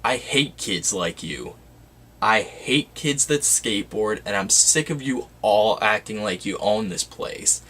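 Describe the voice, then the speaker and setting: A grimy middle-aged bus driver mutters his threats low and flat, as a man puts him on. The voice stays bright and pushed even when quiet. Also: unhurried, breathy edge, full character voice. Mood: bitter.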